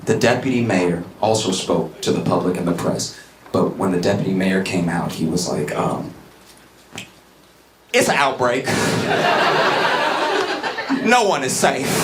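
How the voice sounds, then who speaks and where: Animated stand-up comedian from Louisiana. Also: male voice. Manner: animated storytelling, jumps to high shouted voices for characters. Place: comedy club stage with a laughing audience. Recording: roomy live club recording, loud crowd noise.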